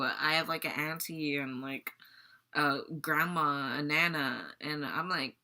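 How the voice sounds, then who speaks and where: A woman's voice: low-pitched, measured pace, bright, forceful tone. A teenage girl vlogging casually, rambling and giggling as she retells a dream. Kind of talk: casual storytelling vlog.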